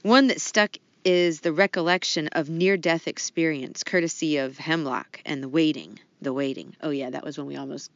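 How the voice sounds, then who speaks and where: A woman's voice: low voice, normal speed, few pauses, no echo. Woman co-host with a dry, muffled sound. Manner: laughs easily, casual with fillers. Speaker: podcast co-host. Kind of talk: casual podcast chat, reading a listener letter.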